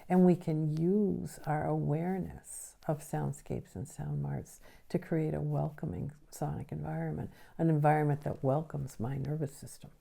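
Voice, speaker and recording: Low gravelly-voiced woman teacher. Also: steady tone, moderate pace, hardly any pauses, mellow. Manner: explanatory, often checks in with a tag question. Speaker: nervous system educator. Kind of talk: teaching a recorded lesson.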